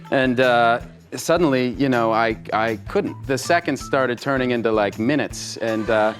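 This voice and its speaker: A man telling animated stories on talk shows, laughing through his punchlines. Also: medium pitch, a little slow. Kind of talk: anecdotal talk-show storytelling. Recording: talk-show clips with music underneath.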